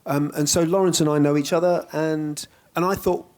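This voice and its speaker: An actor speaking in a casual onstage Q&A, chatty and self-deprecating, often breaking into laughter. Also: male voice, a little high, fairly even intonation, brisk, a little mellow. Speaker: actor guest on a panel.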